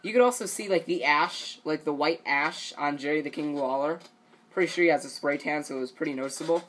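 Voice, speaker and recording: A man's voice: a little high, a little fast, fairly bright tone. A man casually recapping a wrestling show for his vlog, rambling with lots of "you know" and "like" and the odd swear.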